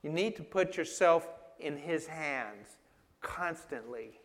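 A man's voice: a little high, lively intonation, slow. A man preaching a sermon in an emphatic, conversational way, asking his listeners questions. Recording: long reverb of a hall.

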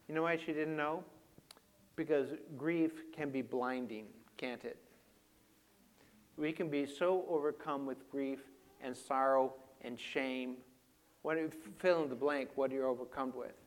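A man preaching a sermon with slides, moving from quiet reflection to loud, emphatic passages. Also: medium pitch. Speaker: pastor.

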